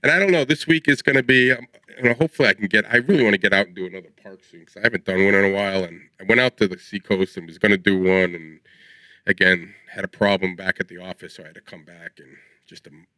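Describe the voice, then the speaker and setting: This forties-aged podcast co-host talks fast in a low, bright, forceful voice. He wanders through stories in relaxed conversation, laughing as he goes. The recording is low quality but dry.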